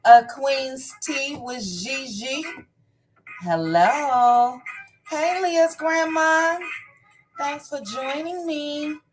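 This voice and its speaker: A woman's voice: high-pitched, drawn-out words, over music, poor audio. A woman hosting a casual live stream, greeting viewers by name one after another. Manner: warm shout-outs, reading names one by one.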